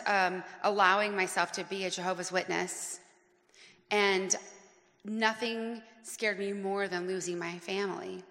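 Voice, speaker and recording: A woman's voice: mid-range voice, pushed and bright, in a large hall. A woman telling a personal story on stage, earnest and emotional, linking her sentences in long chains.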